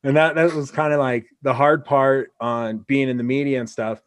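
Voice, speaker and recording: A man's voice: medium pitch, fairly even intonation, normal speed, clean tone, no echo. Dry-sounding man telling rambling stories. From Wyoming, US. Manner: rambling anecdotal storytelling with many restarts. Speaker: podcast host. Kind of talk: casual conversational interview.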